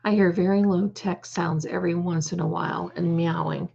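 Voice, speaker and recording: A woman's voice: fairly low pitch, steady tone, moderate pace, vocal fry, mellow, husky, highs cut off. A woman hosting a live stream from home, chatting casually with viewers and calling them darling. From United States. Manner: affectionate, calls viewers darling. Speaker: livestream host. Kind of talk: casual live chat reading comments.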